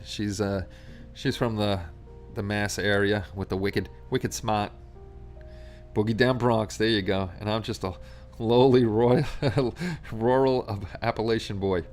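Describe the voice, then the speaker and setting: A man's voice: on the low side, steady tone, measured pace, a little mellow. A man with a New York accent hosting a casual livestream, chatting and rambling along with his viewers. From Astoria, Queens, New York. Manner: chatty, rambling, reads viewer comments aloud. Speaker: livestream host. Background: faint Christmas music.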